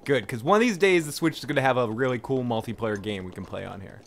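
A man's voice: medium pitch, animated, fast, a little hiss or hum. A young man casually commenting on his gameplay, laid-back and profane, rambling as he plays. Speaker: gaming channel host. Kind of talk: casual let's play commentary.

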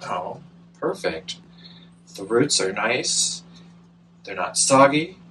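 A man's voice: mid-range voice, takes it slowly, recorded from a distance, slight background noise, rough recording. A man filming a casual plant unboxing vlog at home, gushing and talking straight to the camera. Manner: excitable, gushing, talks to the camera. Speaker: plant vlogger.

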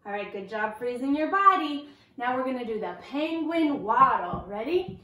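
A children's librarian, a woman, reading a picture book aloud to children in an animated, playful way and inviting them to join in. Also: on the high side, moderate pace. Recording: roomy echo.

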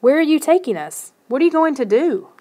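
A woman voicing a daring, excited boy who talks eagerly and shouts when scared in an audiobook. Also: high voice, normal speed, voice pushed up. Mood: frightened shouting.

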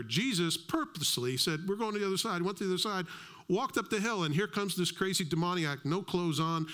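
A middle-aged male pastor giving a sermon, telling stories with lively acted-out dialogue. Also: fairly high pitch. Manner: animated storytelling, acts out dialogue.

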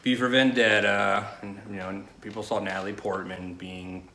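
A man's voice: fairly low pitch, flat delivery, normal speed, crowd noise. A man as guest in a casual chat, talking in a loose, rambling way. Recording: echoey room with faint noise.

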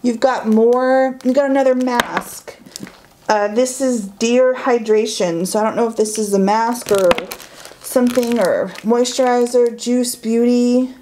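A chatty woman, talking through a beauty haul in a casual, gushing way. Her voice sits a little high. A faint hiss runs under the recording. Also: measured pace. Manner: excited, chatty, gushing with "like" and "y'all". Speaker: beauty vlogger.

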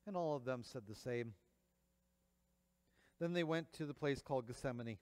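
A man's voice: medium pitch, moderate pace, a little mellow. A man reading scripture aloud and preaching, acting out the quoted lines dramatically. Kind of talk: Bible reading and sermon. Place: church. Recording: long church reverb.

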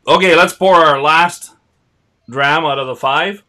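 Bright-voiced guy hosting a live chat, jokey, reads out comments. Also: fairly high pitch, measured pace, a little hiss or hum. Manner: joking, reads viewer comments aloud. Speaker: host. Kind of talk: casual chat.

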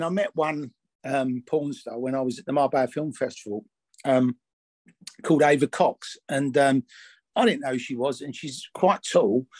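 A man's voice: fairly high pitch, no echo. Blunt rambling Englishman, dry close sound. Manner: blunt, rambling, many restarts and fillers. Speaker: actor and film producer being interviewed. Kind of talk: candid interview chat.

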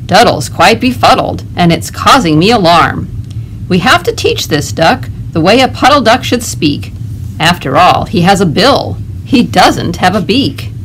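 Bossy know-it-all farm bird guy played by a storytime lady, lecturing slow. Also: mid-range voice, animated, a bit bright, slight background noise, poor audio. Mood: stern. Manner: stern, lecturing.

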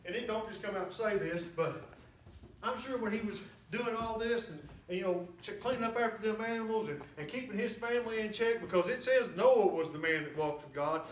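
Fired-up preacher man, high voice. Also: brisk, slight background noise. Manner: fiery, rising to shouts and whoops. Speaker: guest pastor. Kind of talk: sermon. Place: church sanctuary. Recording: roomy church from far off.

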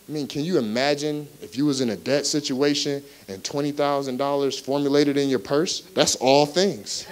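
A young man gives his testimony to a church congregation in a mid-pitched voice. He mixes casual, conversational asides with chuckles, then hammers short phrases over and over. Those phrases grow louder as he drives a point home. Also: normal speed, poor audio. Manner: emphatic, repeats key phrases, builds to loud exclamations. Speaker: guest speaker at a church service. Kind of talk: preached personal testimony. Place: church service before a live congregation.

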